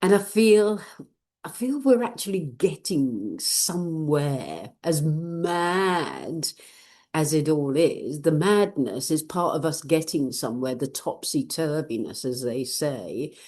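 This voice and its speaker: Older woman host, low lively voice, mellow tone, chatty and rambling with frequent laughs. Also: slow. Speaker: channeler and vlog host. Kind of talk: casual personal chat to viewers.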